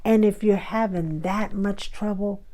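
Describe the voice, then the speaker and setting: A woman's voice: medium pitch, steady tone, a little slow, warm tone. A woman hosting her own show, giving motivational advice in a conversational way and acting out everyday scenes. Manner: conversational, acts out everyday dialogues. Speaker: host. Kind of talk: motivational talk.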